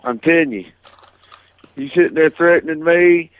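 A man's voice: on the high side, moderate pace, crowd noise. A man, threatening and cursing on a phone call. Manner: threatening, profane, drawling. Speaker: prank call target. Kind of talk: angry phone argument. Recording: tinny phone line, loud voices behind.

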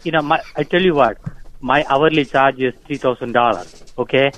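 A man's voice: mid-range voice, moderate pace, a bit bright, rough recording. An older man, a business owner, pushing back defensively and indignantly, padding his speech with "you know" and "man.". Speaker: business owner being pranked.

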